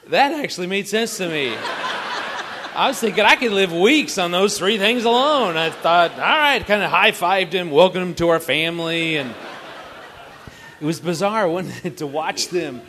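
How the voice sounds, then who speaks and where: A man telling a family story as a marriage speaker to a live audience, animated and joking, asking the audience questions. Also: high-pitched, moderate pace, noisy background.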